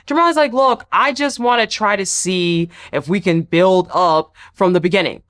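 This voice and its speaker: A woman's voice: medium pitch, normal speed. A woman giving a casual, emphatic recap of a reality show episode, acting out the people she quotes. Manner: animated, emphatic, acts out quotes. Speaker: recap vlogger.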